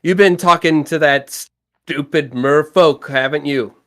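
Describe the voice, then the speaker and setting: A man voicing his tabletop character, a gruff, grumbling male adventurer, in a put-on accent. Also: fairly high pitch, takes it slowly, a bit bright, voice pushed up. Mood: irritated.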